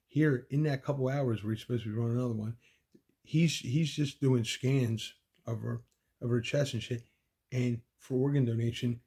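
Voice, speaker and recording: Gravelly, profane man telling a story. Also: medium pitch, fairly even intonation, normal speed, mellow. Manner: profane, repetitive, restarts often. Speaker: son recounting his mother's death. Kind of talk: rambling personal account.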